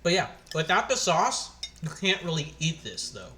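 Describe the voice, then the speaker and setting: A man casually chatting on his cooking live stream, thinking aloud with halting pauses as he tastes the food. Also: a little high, sing-song, pushed and bright, soft background music.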